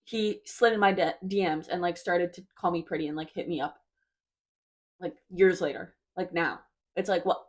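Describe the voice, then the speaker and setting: Rambling young woman vlogger, low voice. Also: normal speed. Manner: rambling, hesitant, full of "like" and "I don't know". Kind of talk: casual confessional chat.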